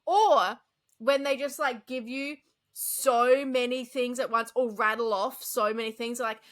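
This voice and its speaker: A woman's voice: a little high, steady tone, a little slow, fairly bright tone. A woman co-hosting a podcast in casual chat, chatty and exasperated, laughing often as she tells work stories. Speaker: podcast co-host.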